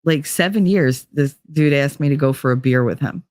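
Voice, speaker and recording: A woman's voice: low voice, moderate pace, a little mellow, no room sound, studio quality. A woman hosting a podcast, chatting through a long personal story in a rambling way, full of "like" fillers. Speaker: podcast host. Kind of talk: casual storytelling monologue.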